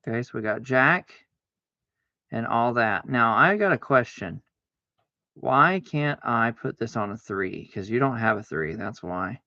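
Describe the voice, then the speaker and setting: A man streaming a card game, chatting casually to himself, arguing back and forth aloud with sudden excited exclamations. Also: mid-range voice, a little slow, no echo, highs cut off. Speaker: livestreamer playing solitaire. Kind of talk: casual self-talk while gaming.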